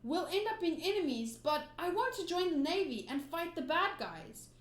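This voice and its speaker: A woman's voice: very high-pitched, big pitch swings, moderate pace. A woman reading a manga aloud and voicing a timid young male cabin boy, earnest and pleading. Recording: roomy echo.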